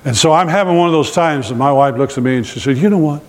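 Speaking fast in a mid-range voice, a male pastor delivers a sermon full of humorous stories, asking the congregation questions along the way. He's in a church hall before a live audience, and the recording carries long hall reverb.

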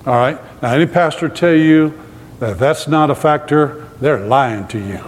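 A man's voice: medium pitch, normal speed. A male pastor preaching a sermon with humorous storytelling, asking his congregation questions as he goes. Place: church hall with live congregation. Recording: long hall reverb.

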